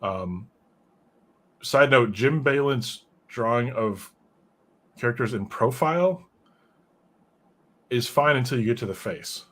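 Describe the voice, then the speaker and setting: A man's voice: medium pitch, expressive, slow, pauses often, a bit bright. A man hosting a casual comic book discussion who rambles and drifts into side notes. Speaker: podcast host reviewing comics.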